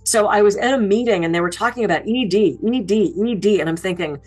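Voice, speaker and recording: A woman keynote speaker giving public speaking advice in an expressive, down-to-earth, conversational way. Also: mid-range voice, fast, hardly any pauses, slightly rough, faint music behind.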